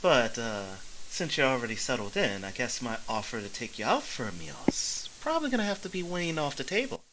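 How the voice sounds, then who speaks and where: A woman playing a tabletop game, talking in character in a relaxed, chummy way. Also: very deep voice, a little fast, background noise. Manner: relaxed, chummy, laughs between lines. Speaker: player. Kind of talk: in-character tabletop role-play.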